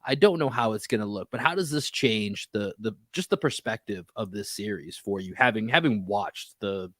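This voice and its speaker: A man hosting a sports podcast, talking fast with frustrated restarts about a lost game. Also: lowish voice, lively intonation, fairly bright tone, no room sound, studio quality. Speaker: podcast host.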